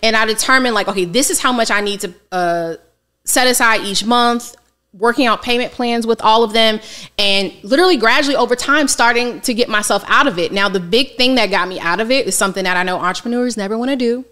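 Woman, somewhat high voice, lively colloquial storytelling, interview guest. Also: brisk. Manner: lively, colloquial, animated retelling with quoted asides. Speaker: financial coach, guest. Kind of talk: candid casual interview storytelling.

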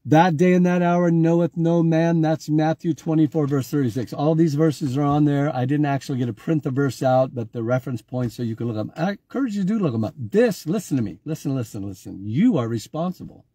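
A man's voice: on the high side, fairly quick, few pauses, warm tone, dry recording. A man giving an informal online sermon, talking conversationally, repeating himself and calling on viewers by name. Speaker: pastor.

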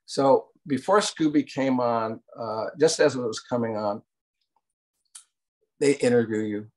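A man's voice: medium pitch, unhurried, a little mellow. Older man telling rambling anecdotes. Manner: rambling anecdotes with fillers and acted-out quotes. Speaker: interview guest, cartoon producer. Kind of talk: casual storytelling interview.

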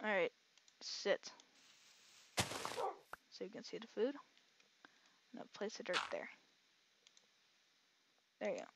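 A woman giving casual, excitable let's-play commentary, chatting to herself and her audience as she plays. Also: mid-range voice, slow pace, gravelly, long pauses, muffled recording, noisy background. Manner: excitable, chatty, talks to herself while playing. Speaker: gaming channel host.

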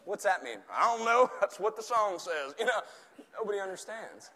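A man with a Southern accent delivers a lively sermon, joking with the room and then building to near shouts. His voice sits a bit high and rings bright and forceful. A long reverb trails each line through the church hall. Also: normal speed. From Tennessee. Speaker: preacher.

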